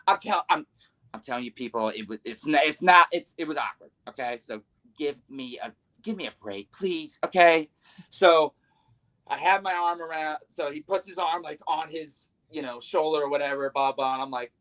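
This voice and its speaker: A man's voice: medium pitch, fairly bright tone, low-quality recording. Man with a mid-range voice, guest storyteller, rambling and sheepish, heavy on fillers. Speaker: guest pro wrestler. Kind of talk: casual storytelling on a podcast.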